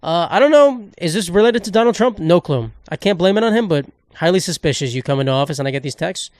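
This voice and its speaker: A man's voice: sits high, lively intonation, fast talker, darkish tone, no echo, studio quality. A man hosting a solo podcast, ranting in a rambling, sarcastic, profane way and cutting himself off mid-thought. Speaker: podcast host.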